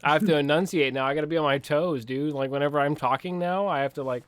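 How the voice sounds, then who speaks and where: Young Western Pennsylvania man, podcast co-host, higher-pitched, profane and animated storyteller, dry close sound. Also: fast, no echo. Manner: profane, animated storytelling, acts out quoted voices. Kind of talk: casual chat.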